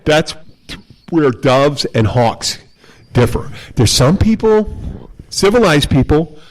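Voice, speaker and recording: A podcast host who tends bar tells a rambling, profane story about his bar job in a casual way, acting out quotes as he goes. His voice is fairly high with big pitch swings, and he speaks slowly.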